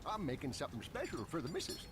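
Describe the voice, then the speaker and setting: A folksy, boastful plumber, high and bouncy with a lot of swing in his pitch. He sounds pleased with himself over game audio with clear noise behind him. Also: wildly swooping pitch, fast talker. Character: gruff cheerful middle-aged sewer plumber.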